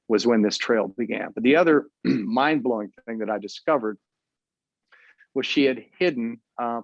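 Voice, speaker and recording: A man in his fifties, an author, telling his story in an interview in an earnest, halting way with many restarts. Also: mid-range voice, no echo, muffled recording.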